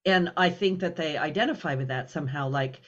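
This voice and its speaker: A man's voice: on the high side, fairly quick, a bit bright, highs cut off. A man hosting an interview, chatty and a little hesitant, restarting his sentences. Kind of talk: casual interview chat.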